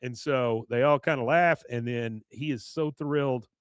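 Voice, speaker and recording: A man hosting a podcast, casually recapping an episode in an animated storytelling way while his voice is going hoarse. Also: medium pitch, unhurried, no echo, clean studio sound. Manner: animated storytelling, frequent "uh" and "you see". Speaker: podcast host.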